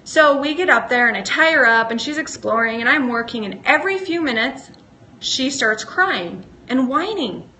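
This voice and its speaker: A woman's voice: sits high, lively intonation, moderate pace, pushed and bright, slight background noise. A middle-aged woman speaking live as a motivational speaker, asking earnest questions and coaching her listeners along. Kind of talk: live motivational talk to camera.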